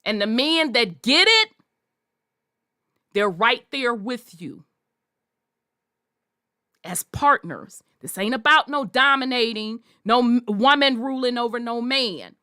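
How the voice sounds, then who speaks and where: A woman hosting a podcast, delivering a forceful, profanity-laced monologue in a preachy way. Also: on the high side, animated, slow pace, pauses often, clear, resonant tone, dry recording, clean studio sound. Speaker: podcast host.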